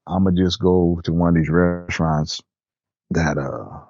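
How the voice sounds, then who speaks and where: Deep-voiced New Orleans man telling a story. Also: unhurried, vocal fry, dry recording, lo-fi sound. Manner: animated, acts out quoted friends with raised pitch. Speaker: storyteller sharing a personal experience. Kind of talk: casual first-person storytelling.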